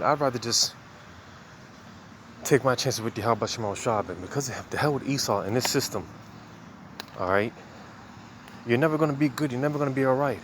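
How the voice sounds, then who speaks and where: A man's voice: mid-range voice, a bit bright, a little hiss or hum. A man giving a casual, conversational sermon, reading scripture and talking it over with many "man" and "you know" asides. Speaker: religious teacher.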